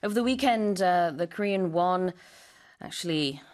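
A woman co-hosting a bilingual news lesson, explaining English terms and switching into Korean to translate. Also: lowish voice. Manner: brisk, lively, switches into Korean.

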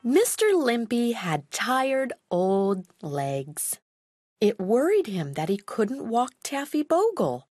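Woman storyteller for a picture book: high, animated, unhurried read-aloud. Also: no echo. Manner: slow, expressive, clearly paced.

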